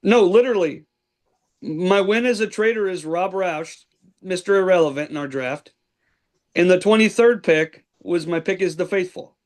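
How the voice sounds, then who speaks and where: Male podcast host, slightly higher voice, loose and halting delivery. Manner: relaxed, hesitant with restarts and fillers. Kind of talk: casual chat.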